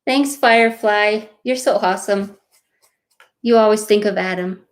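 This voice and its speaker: Young woman co-hosting a live stream, middle pitch, upbeat, keeps agreeing with her partner. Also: measured pace. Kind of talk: casual live-stream chat.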